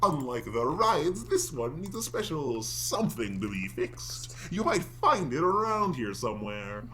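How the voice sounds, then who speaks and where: A man's voice: a little high, sing-song, unhurried, a little hiss or hum, exaggerated voice. A man doing a stingy circus boss narrator. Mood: instructive. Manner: instructive narrator that bursts into angry yelling. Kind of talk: game narration voice acting.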